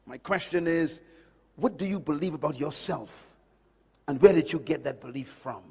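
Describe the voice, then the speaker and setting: A man preaching a sermon, emphatic, swinging from loud declarations to hushed lines. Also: a little high, normal speed, gravelly, breathy edge. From Caribbean island. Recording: long hall reverb.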